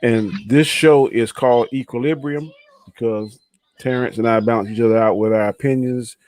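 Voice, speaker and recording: A man hosting a livestream chat show, talking in a relaxed way to his co-host and viewers. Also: medium pitch, normal speed, no room sound.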